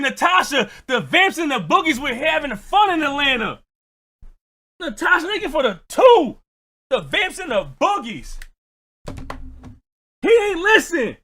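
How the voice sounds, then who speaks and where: A man reacting to music in a very high, piercingly bright voice. He talks loudly and excitably, swears freely, and keeps bursting into shouts.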